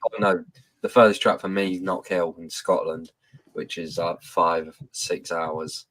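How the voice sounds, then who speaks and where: A man's voice: low-pitched, fairly even intonation, unhurried, fairly bright tone. A man with a West Midlands English accent, a guest answering plainly in casual podcast chat. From England.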